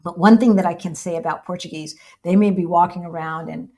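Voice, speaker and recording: A woman's voice: on the low side, steady tone, a little fast, a crowd in the background. An American woman hosting a casual livestream with her partner, chatting and answering viewer questions. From United States. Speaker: co-host of a livestream.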